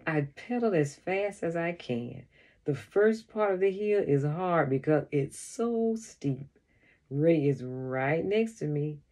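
A woman reading a children's chapter book aloud in the first person, with expressive storytelling. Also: sits low, takes it slowly. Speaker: storybook reader.

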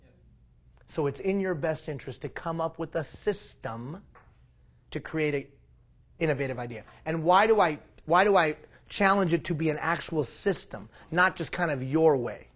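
A man leading a leadership workshop, animated and asking the room questions. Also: a little high, moderate pace. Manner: animated, asks the room questions, acts out mock quotes. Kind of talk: live seminar talk. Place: classroom.

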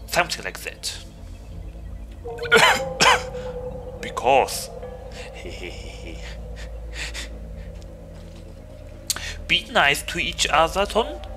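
Slow, lively German-accented streamer man. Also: fairly high pitch, rough recording. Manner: loose, joking chatter to viewers. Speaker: VTuber streamer. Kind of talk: gaming livestream chat.

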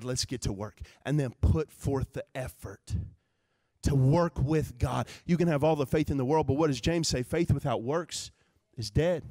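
Texas-accented pastor, man, high voice, dry close sound; loud preaching mixed with quiet, chatty asides. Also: dry recording. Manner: conversational, humorous, with many fillers. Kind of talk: live sermon. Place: church sanctuary.

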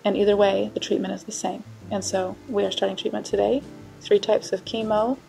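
A woman's voice: medium pitch, brisk, creaky, soft background music, poor audio. A woman recording a late-night video diary from her hospital room, speaking steadily and matter-of-factly. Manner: flat, steady, matter-of-fact. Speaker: patient vlogging from the hospital.

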